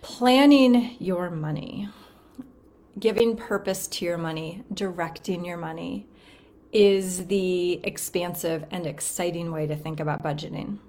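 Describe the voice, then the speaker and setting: With a low, slightly mellow voice, steady tone, and normal speed, a woman runs a solo podcast as a financial coach. She talks in a cheerful, chatty manner, a touch breathless, and repeatedly says "right?"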